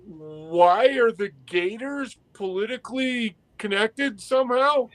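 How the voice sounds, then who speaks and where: A man's voice: sits high, takes it slowly, low-quality recording. A man co-hosting a casual podcast chat, talking emphatically, restarting his phrases and swearing. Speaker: podcast co-host.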